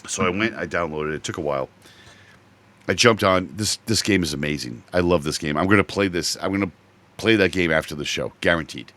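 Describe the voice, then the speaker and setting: A middle-aged man hosting a podcast, chatting casually about games and telling animated stories, swearing freely. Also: low voice, a little fast. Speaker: podcast host. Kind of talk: casual chat.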